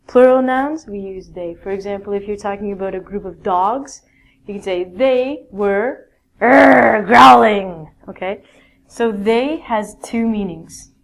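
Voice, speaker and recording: A woman teaching a basic English grammar lesson in a classroom style, explaining slowly and checking in often with "okay?". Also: medium pitch, mellow. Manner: slow, clear teaching with many "okay?" checks.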